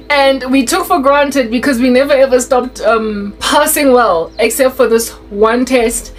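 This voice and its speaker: A woman tells a story in a casual, animated way. Her voice sits high, and she keeps laughing as she goes. Faint music plays softly behind her. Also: a little slow, rough recording. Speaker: faith vlogger.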